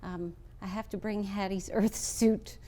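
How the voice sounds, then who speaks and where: A woman co-hosting a podcast, chatting casually and speaking softly and supportively. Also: medium pitch, steady tone, a little slow. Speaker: podcast co-host. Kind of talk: casual chat.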